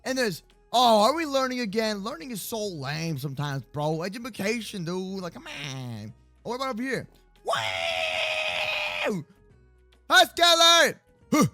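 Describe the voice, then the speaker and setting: A man hosting a playful Minecraft roleplay video, excitable and joking, full of slang. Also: high-pitched, normal speed, dry recording, faint music behind. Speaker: roleplay host.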